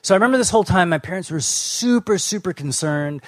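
A man's voice: high-pitched, expressive, fast, no echo. A young adult man from Canada giving a sermon, telling his own story in a casual, conversational way with fillers and restarts. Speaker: pastor.

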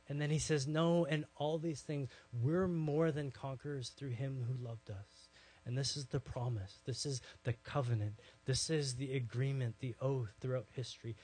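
Male pastor, sermon storyteller, mid-range voice, animated then soft. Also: medium pitch, moderate pace, breathy edge. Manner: animated storytelling, acts out quoted voices, then quiet and earnest.

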